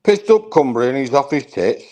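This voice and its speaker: A man's voice: mid-range voice, sing-song, normal speed, warm tone. A middle-aged man with a Yorkshire accent, chatting casually as a caller, blunt, matey and swearing constantly. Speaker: caller in a live chat. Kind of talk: casual chat.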